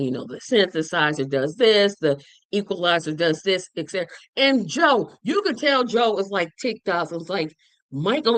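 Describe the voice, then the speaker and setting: Lively, emphatic woman giving a casual movie review. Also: medium pitch, no echo. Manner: animated, emphatic, repeats words for effect. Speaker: show host.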